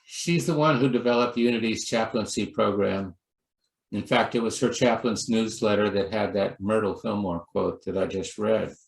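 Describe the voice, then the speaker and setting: A man pastor giving a sermon talk in a gentle storytelling manner, acting out quoted lines with lively voices. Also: fairly low pitch, normal speed, creaky, echoey room.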